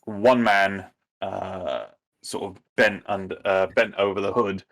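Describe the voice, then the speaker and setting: A man runs a tabletop role-playing session and narrates each scene for the players. His voice sits on the low side for a man. He keeps pausing and restarting, feeling his way through the description. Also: steady tone, gravelly, fairly bright tone. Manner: hesitant, many ums and restarts. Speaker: game master.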